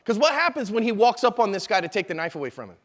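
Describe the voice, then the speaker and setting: A man teaching a live seminar, energetic and conversational, with quick asides to the audience. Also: sits high, big-room sound. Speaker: self-defense instructor. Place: convention hall seminar room.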